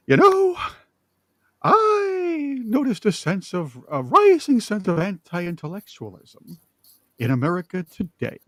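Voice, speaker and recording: A man doing an impression of a quirky male comedian, telling a joke in a high, halting, drawn-out voice. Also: wildly swooping pitch, a bit bright, no echo, heavily acted. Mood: deadpan absurd.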